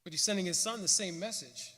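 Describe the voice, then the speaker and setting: A man giving a prepared conference lecture with a measured, earnest delivery. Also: high voice, pushed and bright. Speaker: conference speaker. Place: conference hall. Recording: long hall reverb.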